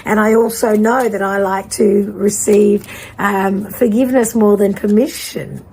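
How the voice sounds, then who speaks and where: A woman giving a pick-a-card tarot reading in a blunt, casual way, swearing freely and pausing to guide the listener. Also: medium pitch, steady tone, a little mellow, slight background noise. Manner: casual, conversational with guided pauses. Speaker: tarot reader.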